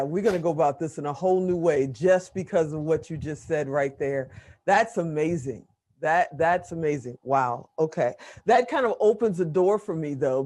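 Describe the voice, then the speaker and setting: A woman's voice: low voice, mellow. A woman hosting an interview, reacting with eager amazement and asking questions. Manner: enthusiastic, exclaims amazement. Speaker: interview host. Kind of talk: casual interview chat.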